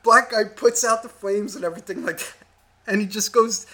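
New co-host, bright tone, swears a lot, rambling storyteller. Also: male voice, high-pitched, moderate pace. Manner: profane, rambling, animated. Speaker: podcast co-host. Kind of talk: casual storytelling.

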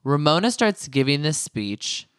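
A man's voice: fairly high pitch, sing-song, unhurried, fairly bright tone, smooth, dry recording, studio quality. A man co-hosting a casual chat, telling the story with lots of acted-out quotes. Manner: chatty, storytelling with quoted voices. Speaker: podcast co-host. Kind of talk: casual chat recapping a reality show.

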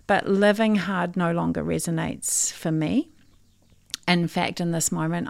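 A woman's voice: fairly low pitch, vocal fry. A middle-aged woman from Australia, a coach hosting her own podcast, talking in a thoughtful, earnest way. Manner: thoughtful, earnest, with occasional laughs. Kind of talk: reflective solo podcast talk.

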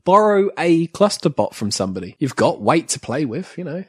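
Lively-pitched man, jokey banter. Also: normal speed, slightly rough. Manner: jokey, puts on silly voices for quoted bits. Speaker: podcast co-host. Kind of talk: casual chat about robot combat.

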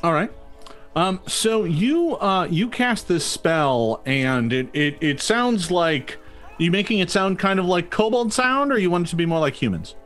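A man's voice: high-pitched, very animated, measured pace, a bit bright, faint music behind. Hesitant male game master. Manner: hesitant, many ums and restarts. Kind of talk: narrating a tabletop game.

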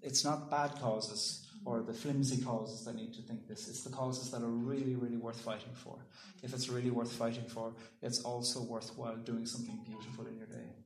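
A man giving a thoughtful public talk, pausing and restarting, and reading a poem aloud. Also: mid-range voice, flat delivery. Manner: thoughtful, halting with ums and restarts. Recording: roomy echo.

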